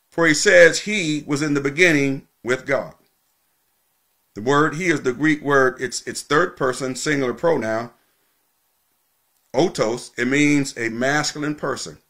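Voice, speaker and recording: A male pastor preaching a sermon, teaching with emphatic repetition and slowing down to stress key points. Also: fairly high pitch, fairly bright tone.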